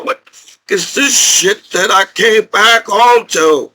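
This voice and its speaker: Agitated high-voiced veteran man ranting. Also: a little slow, pushed and bright, rough recording. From New Jersey. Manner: agitated, profane, repetitive. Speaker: military veteran vlogger. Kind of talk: angry rant to camera.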